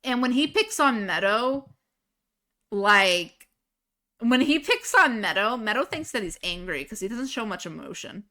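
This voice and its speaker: A young adult woman streamer in casual chat, excitable, swearing and laughing often as she talks about her own story. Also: fairly high pitch, a little slow. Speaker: livestreamer.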